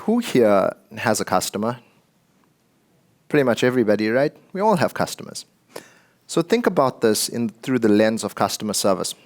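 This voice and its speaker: A man's voice: lowish voice, very animated, normal speed. Man giving a chatty tech talk. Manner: conversational and joking, addressing the audience. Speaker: conference speaker.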